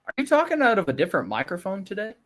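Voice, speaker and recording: A man hosting a casual stock market livestream, chatting in a relaxed, hesitant way with frequent fillers as he thinks aloud. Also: high-pitched, racing. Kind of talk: casual trading chat.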